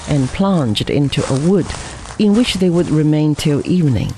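A reader narrating a story in a measured storybook manner. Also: medium pitch, lively intonation, warm tone, faint music behind, low-quality recording. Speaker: audiobook reader. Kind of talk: scripted narration.

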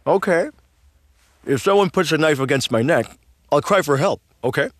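A man's voice: fairly high pitch, animated, normal speed, dry recording, studio quality, lightly acted. A man voicing an easygoing young male driver in a dubbed drama, laid-back and joking. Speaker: dub actor.

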